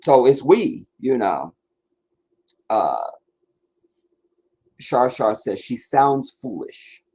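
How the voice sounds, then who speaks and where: A man's voice: big pitch swings, extremely slow, dark tone. Blunt, emphatic man hosting a livestream. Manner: blunt, emphatic, profane, swings between low muttering and raised insistence. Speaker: livestream host answering chat. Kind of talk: live commentary responding to viewers. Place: sitting in front of a camera for a live stream.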